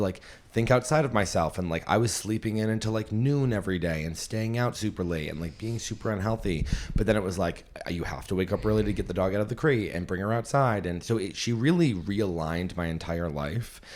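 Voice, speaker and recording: Low-voiced young man rambling candidly. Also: a little mellow. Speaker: podcast host and comedian. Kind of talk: casual storytelling chat.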